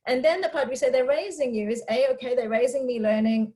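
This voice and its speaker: A woman's voice: high voice, steady tone, a little fast, few pauses, mellow, rough recording. A woman giving candid, chatty answers to parenting questions during a live online talk, laughing often. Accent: non-Israeli English speaker living in Israel.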